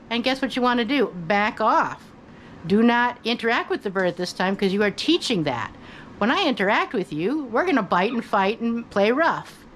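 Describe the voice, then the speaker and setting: An older woman who hosts her own channel, giving relaxed, folksy advice about parrots at home and chatting to her bird now and then. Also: medium pitch, a little hiss or hum, low-quality recording. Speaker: parrot owner and channel host. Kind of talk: casual advice talk. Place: indoors at home, by her bed.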